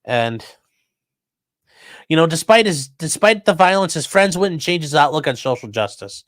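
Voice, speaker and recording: On a dry recording, a man with a slightly high voice hosts a podcast and talks at a moderate pace. He tears into news clips with sarcastic, profane, animated ridicule.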